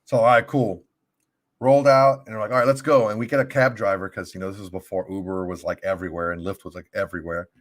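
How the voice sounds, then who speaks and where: A man's voice: low voice, steady tone, fast talker. A man co-hosting a post-game football podcast, telling a long story in a rambling, profane way. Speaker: podcast co-host. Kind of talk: casual storytelling chat.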